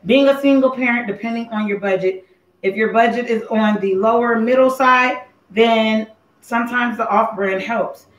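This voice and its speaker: A woman's voice: fairly high pitch, normal speed, slight background noise. Chatty, playful woman hosting a cooking show. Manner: playful, chatty, talks straight to viewers. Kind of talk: casual live cooking chat. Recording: echoey room, dull lo-fi sound.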